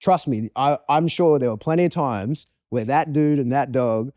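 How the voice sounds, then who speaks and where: A man's voice: medium pitch, moderate pace, no room sound, studio quality. An Australian man, a dog trainer, chatting casually on a podcast and telling stories with acted-out voices. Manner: animated storyteller, acts out voices.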